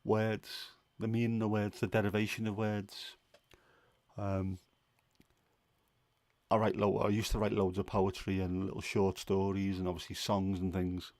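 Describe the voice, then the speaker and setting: A man's voice: fairly low pitch, flat delivery, measured pace, a little mellow, no echo. A man hosting a casual livestream chat, rambling and musing with plenty of fillers and restarts. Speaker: livestream host.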